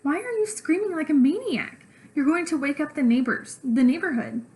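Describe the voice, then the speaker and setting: A woman voicing an exasperated father who scolds his child loudly at bedtime in a storybook read-aloud. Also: sits high, lively intonation, normal speed, voice pushed up, poor audio. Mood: scolding. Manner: loud, scolding.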